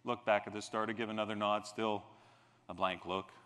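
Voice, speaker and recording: A man giving a motivational keynote speech on a convention stage, telling a story and acting out the scenes with bursts of shouting. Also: fairly low pitch, level tone, normal speed. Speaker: keynote speaker. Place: large convention hall stage. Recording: reverberant convention hall.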